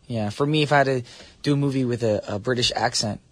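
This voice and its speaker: A man's voice: medium pitch, quick pace, no echo. A man hosting a morning radio show, chatting easily with his guest. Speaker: radio DJ host. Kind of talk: casual radio chat.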